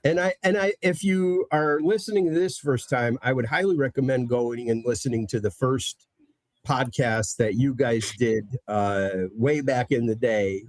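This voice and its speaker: Recorded with no room sound, a medium-pitched man from Connecticut talks at a moderate pace. He's a guest presenter on a podcast, casually spinning stories that wander, with many fillers and restarts.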